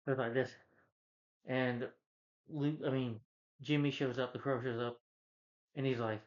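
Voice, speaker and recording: A man's voice: mid-range voice, level tone, measured pace, long pauses, darkish tone, lo-fi sound. A man rambling through a casual, profane movie review rant, full of fillers and restarts. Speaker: film reviewer.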